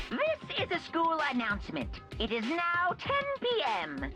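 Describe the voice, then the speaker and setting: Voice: sits high, huge pitch swings, takes it slowly, bright, forceful tone, faint music behind, exaggerated voice. A performer voicing a mocking robot bear headmaster who gives mock-cheerful, sing-song announcements in a game.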